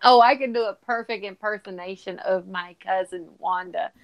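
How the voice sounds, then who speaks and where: A woman's voice: medium pitch, moderate pace, a little hiss or hum. A woman from North Carolina with a faded Southern accent, chatting and telling stories with lots of giggles. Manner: giggly, drawling storyteller. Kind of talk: casual chat.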